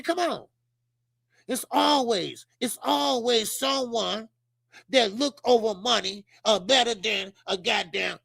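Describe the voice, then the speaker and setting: A man's voice: sits high, gravelly, sharp tone, slightly rough, dry recording. A man hosting a boxing channel livestream, talking bluntly and profanely, repeating himself with many fillers. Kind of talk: casual livestream commentary.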